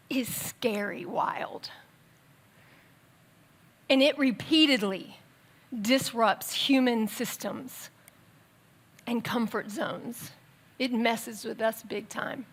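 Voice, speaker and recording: A woman preaching a sermon in a conversational, animated way, with quick bursts and asides. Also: sits high. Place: church sanctuary.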